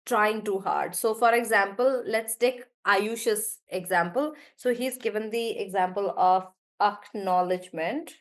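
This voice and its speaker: A woman teaching a live online English class, warmly praising students and slowly drawing out words as she models how they sound. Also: medium pitch. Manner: encouraging, drawn-out words when modelling pronunciation.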